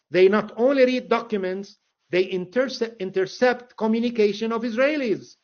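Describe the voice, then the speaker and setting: A man's voice: high-pitched, normal speed, muffled recording. A man speaking as an interview guest and political commentator, sarcastic and mocking, often breaking into laughter. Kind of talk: conversational interview.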